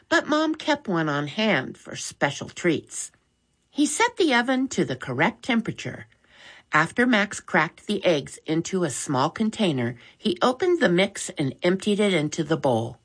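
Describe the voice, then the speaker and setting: Slow, expressive woman reading a story. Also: deep voice. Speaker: narrator. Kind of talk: children's story read aloud.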